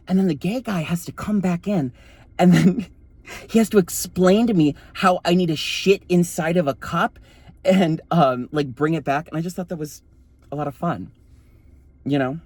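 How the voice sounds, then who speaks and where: A man's voice: sits high, normal speed, darkish tone, no room sound. A man telling a story in a campy, sassy, profane way, his voice often taken for a woman's. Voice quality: voice read as feminine. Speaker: vlogger. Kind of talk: casual storytelling vlog.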